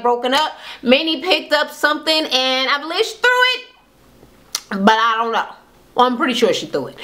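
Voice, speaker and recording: A woman with a high, bright voice speaks in a loose, profane rant. She recaps a reality show with blunt commentary and acts out other people's lines as she goes.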